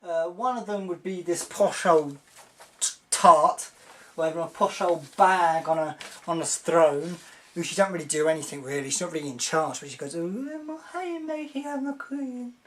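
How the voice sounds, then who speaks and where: A young man giving a casual video review, excitable and rambling, often mimicking the characters. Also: fairly high pitch, normal speed, slight background noise.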